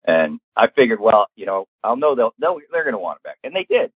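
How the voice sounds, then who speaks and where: A man telling a long casual anecdote, lively and acting out the voices of the people in it. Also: fairly low pitch, brisk, slightly rough, dry recording. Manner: animated, acts out quoted voices. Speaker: storyteller guest. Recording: tinny phone-like sound.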